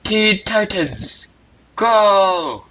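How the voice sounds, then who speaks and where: A man voicing a silly, excitable male adventurer in a doodle story, shouting his lines. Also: mid-range voice, slow, creaky, slight background noise, full character voice. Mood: hyped. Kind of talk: storytelling over a drawing.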